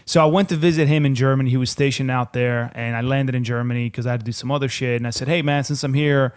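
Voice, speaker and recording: A man's voice: mid-range voice, fairly even intonation, fast. Young male podcast co-host, loose and profane, rambling anecdote delivery. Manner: profane, rambling storyteller saying "dude" a lot. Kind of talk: casual chat.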